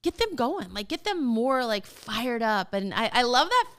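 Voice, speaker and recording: A woman in her forties hosting a casual podcast, talking straight to parents in an animated, emphatic way and often laughing. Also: high voice, moderate pace. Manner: talks straight to listeners as a parent. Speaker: podcast host.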